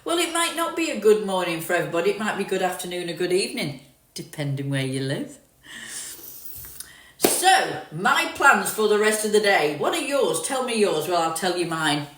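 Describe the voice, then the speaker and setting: A woman's voice: fairly low pitch, sing-song, normal speed, a bit bright, reverberant, distant mic, slight background noise. A middle-aged woman from London with a southern English accent, partly mixed with northern, chatting casually on a livestream, reading out and answering viewer comments. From London, England. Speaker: livestream host. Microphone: phone.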